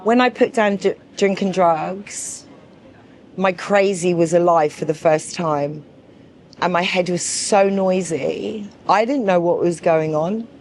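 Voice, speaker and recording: A woman's voice: lowish voice, takes it slowly, darkish tone, slight background noise. A woman in her forties giving candid personal testimony in a documentary, frank and emphatic, repeating herself for weight and swearing freely. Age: 40s. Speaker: documentary subject.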